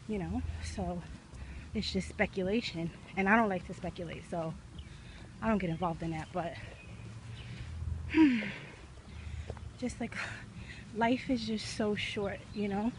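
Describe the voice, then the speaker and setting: A woman's voice: mid-range voice, a little slow, long pauses, slight background noise. Breathless woman vlogging while walking. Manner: passionate, rambling, lots of "like" and "you know". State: a little out of breath from walking uphill. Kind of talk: casual vlog talk. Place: outdoors, walking in hot weather.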